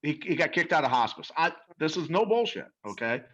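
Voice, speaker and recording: This interview guest, a middle-aged man, has a sing-song voice on the high side, fairly quick and bright, with the highs cut off. His storytelling about a product is animated, earnest, and emphatic, with frequent repeated words.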